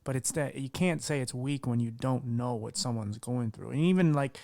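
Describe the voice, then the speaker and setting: Man, podcast host, candid rambling talk, mid-pitched voice, dry close-miked recording. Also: normal speed, vocal fry, dark tone, no echo. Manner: candid, rambling with many restarts and fillers. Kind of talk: casual conversational interview.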